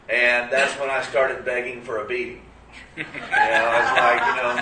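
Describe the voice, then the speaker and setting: A man's voice: medium pitch, little pitch movement, normal speed, sharp tone, slight background noise. A man in his fifties telling a story in a sermon, folksy and conversational with many fillers. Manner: folksy and conversational, full of "you know" and "uh". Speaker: speaker at a church gathering. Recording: roomy, distant from the mic.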